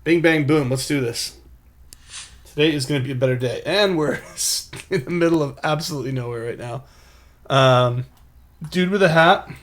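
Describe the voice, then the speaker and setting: A man's voice: medium pitch, moderate pace. A man giving live commentary on a geography guessing game, thinking aloud in a rambling, self-mocking way. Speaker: game streamer.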